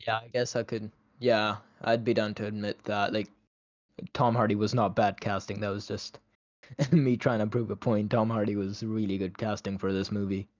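A man's voice: fairly low pitch, little pitch movement, normal speed, dry recording, dull audio. Opinionated young man chatting about movies. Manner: opinionated, chatty, many "like" fillers. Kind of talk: casual movie review chat.

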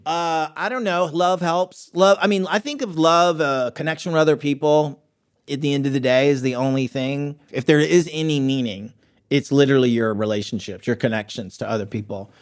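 A man's voice: a little high, normal speed, clean tone. A middle-aged man as a podcast guest, joking irreverently and rambling through casual chat with lots of restarts.

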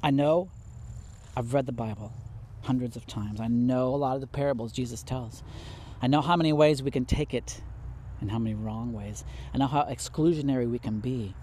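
A middle-aged man preaching a heartfelt sermon, pleading and impassioned, swinging from soft to loud and close to tears. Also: medium pitch, moderate pace, slight background noise. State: near tears.

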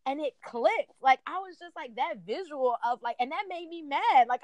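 A woman's voice: high-pitched, moderate pace, hardly any pauses, no echo. A woman in casual conversation as a guest, animatedly telling a personal story and acting out her own past thoughts. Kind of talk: casual chat.

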